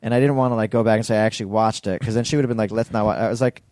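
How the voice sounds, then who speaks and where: Man, quick talker, mellow tone, rambling podcast storyteller, dry close sound. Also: fairly low pitch, steady tone, dry recording. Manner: rambling storyteller, quotes his wife with heavy swearing. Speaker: podcast co-host. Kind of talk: casual chat.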